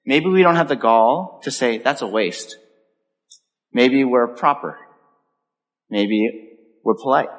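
A male pastor preaching a sermon in an animated way, acting out the voices he quotes. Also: medium pitch, a little slow, pauses often. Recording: echoey hall with long reverb.

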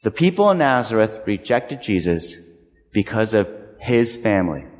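A man preaching a sermon as a pastor, conversational and animated, telling personal stories. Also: lowish voice, moderate pace. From Southern California. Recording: long reverb of a large hall.

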